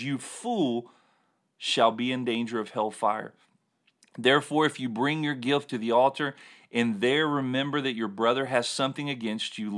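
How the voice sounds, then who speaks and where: A man's voice: medium pitch, a bit bright. A man hosting a Bible teaching show, reading scripture and explaining it in an earnest, emphatic way. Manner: earnest, emphatic with repeated words. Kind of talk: sermon-style Bible teaching.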